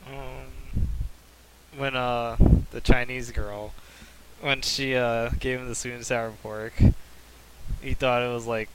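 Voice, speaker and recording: A man in a casual podcast chat, talking hesitantly and pausing to find his words. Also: medium pitch, level tone, a bit bright, a little hiss or hum, rough recording. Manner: hesitant, halting, lots of ums and uhs. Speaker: podcast co-host.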